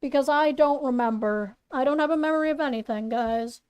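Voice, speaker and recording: A woman with a high, darkish voice reads her fan fiction aloud at a brisk clip in her bedroom. She's a voice actor, and her reading is casual, rambling and playful, full of asides and self-corrections.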